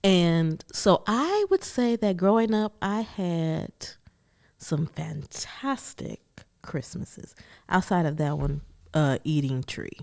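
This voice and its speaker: Lively woman podcast host telling stories. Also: on the low side, slow, creaky. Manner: animated, laughing storyteller who acts out family quotes. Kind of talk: personal storytelling monologue.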